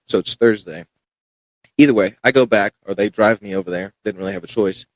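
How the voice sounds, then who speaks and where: A young man tells a long personal story in a loose, casual way, stumbling over restarts and acting out what others said. His voice sits fairly low. The sound is dry and close, with no room around it. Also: fairly quick, no echo, poor audio. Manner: rambling, frequent restarts and fillers, acts out quoted dialogue. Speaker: podcast guest, MMA fighter.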